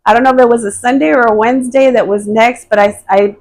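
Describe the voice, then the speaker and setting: A woman's voice: a little high, fairly even intonation, fast, darkish tone, rough recording. A woman telling her personal testimony as a podcast guest, speaking hesitantly and earnestly, with frequent fillers and restarts.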